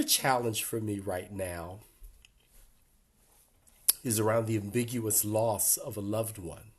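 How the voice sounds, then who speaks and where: Husky older man leading a heartfelt workshop. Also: lowish voice. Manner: earnest and gently emotional, with pauses. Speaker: speaker leading a support group talk. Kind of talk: reflective workshop talk.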